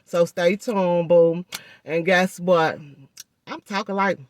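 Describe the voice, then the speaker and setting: A woman vlogger telling a story in a chatty, animated way, speaking through a swollen jaw and addressing viewers directly. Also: lowish voice, takes it slowly, no room sound, clean studio sound. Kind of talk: casual storytelling vlog.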